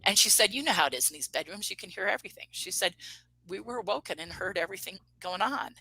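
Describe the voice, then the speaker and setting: A woman in her fifties tells a personal story as an interview guest, with a bright, forceful tone. She brings the quoted dialogue to life with animated delivery and restarts her sentences as she goes. The recording is dry and close. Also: mid-range voice, fast, vocal fry, slightly rough, no echo, poor audio.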